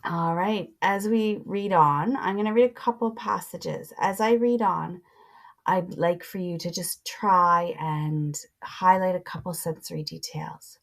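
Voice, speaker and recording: A woman teacher reading a passage aloud and explaining it to students in a slow, deliberate voice, pausing as she annotates. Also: lowish voice, gravelly.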